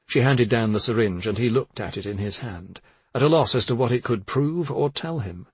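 A man narrating a thriller in a measured, subdued reading. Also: mid-range voice, breathy edge, no room sound. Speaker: audiobook narrator.

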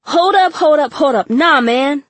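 A woman voicing a middle-aged father who leads a go-go band, calling out loudly and sounding worn out, in an audiobook. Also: medium pitch, measured pace, breathy edge, no echo. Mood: shouting. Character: middle-aged male go-go drummer dad, loud, weary.

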